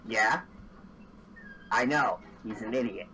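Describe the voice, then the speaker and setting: A man voicing a crude, lecherous male mimic disguised as a chair, swearing and sleazy, a little lower than his own voice. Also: slow pace, noisy background. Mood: dry.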